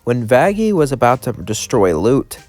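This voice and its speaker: A man's voice: mid-range voice, very animated, normal speed, darkish tone, faint music behind. A man narrating a fan-fiction story in a loose, run-on way.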